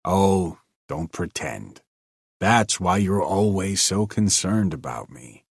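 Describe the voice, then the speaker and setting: Man doing a weary old ham, quiet and sour, slow and deep. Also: big pitch swings, vocal fry, slightly rough, no echo, studio quality, full character voice. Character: gloomy old ham actor turned janitor.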